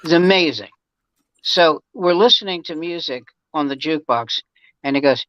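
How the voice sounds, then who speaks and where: A man's voice: a little high, normal speed, a bit bright, no echo. Comedian guy rambling through old stories, restarts a lot, dull dry recording. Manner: rambling anecdotes with frequent restarts. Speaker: guest comedian. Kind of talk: casual storytelling chat.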